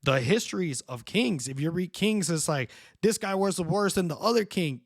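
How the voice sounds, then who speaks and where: A man with a gravelly, fry-edged voice, set a little high for a man. He rants in loose slang, calls everyone bro and flips between mock voices. The sound is close and dry, with no room around it. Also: expressive, moderate pace, no room sound. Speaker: vlogger. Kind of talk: casual rant.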